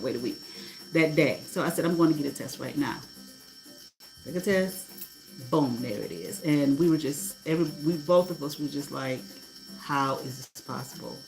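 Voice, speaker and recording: A middle-aged woman telling a personal story in a casual way, animated, swearing freely and acting out what people said. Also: on the low side, a little hiss or hum, rough recording. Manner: animated, swearing, laughing, acts out quotes. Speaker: host.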